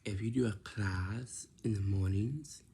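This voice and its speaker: A man with a low, gravelly voice talks slowly through everyday advice. He speaks in a dark, mellow tone, circling back and restarting his sentences as he lectures. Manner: repetitive, instructive, many restarts and tag questions. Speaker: vlogger giving life advice. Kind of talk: casual lecturing monologue.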